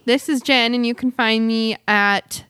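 A woman's voice: fairly high pitch, fairly even intonation, measured pace, fairly bright tone, clean tone, dry recording, studio quality. A woman co-hosting a podcast, rambling playfully and laughing often while she chats. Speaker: podcast co-host. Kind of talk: casual chat.

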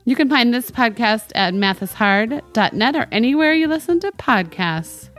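A woman's voice: on the high side, expressive, fairly bright tone, faint music behind. A woman co-hosting a podcast, chatting casually and joking along with her co-host. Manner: chatty, quick to agree and joke. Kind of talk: casual chat.

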